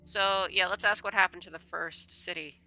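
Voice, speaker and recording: A woman's voice: fairly low pitch, steady tone, normal speed, sharp tone. A woman streamer who chats casually with rambling asides while reading a game's text aloud.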